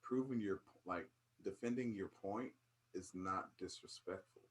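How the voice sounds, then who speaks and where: A man's voice: low-pitched, moderate pace, a little hiss or hum. A young man from Virginia co-hosting a podcast, talking emphatically and acting out quotes. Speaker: podcast co-host. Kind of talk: casual chat.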